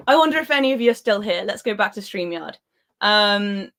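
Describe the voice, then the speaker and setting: A woman's voice: mid-range voice, animated, moderate pace, a bit bright. Giggly woman hosting a football live stream. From Spain. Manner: giggly, chatty, reads chat comments aloud. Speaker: football channel host. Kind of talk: casual live-stream chat.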